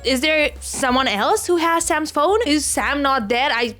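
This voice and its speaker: A woman's voice: high-pitched, measured pace, bright, forceful tone, faint music behind. A young woman talking casually about a sad book, reading passages aloud and getting tearful and exasperated. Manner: emotional, tearful, exclaiming. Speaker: book reviewer.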